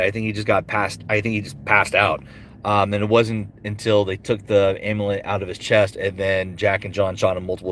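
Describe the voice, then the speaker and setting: A man who is a voice actor and streamer, answering chat comments aloud in a relaxed livestream Q&A full of fillers. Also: fairly low pitch.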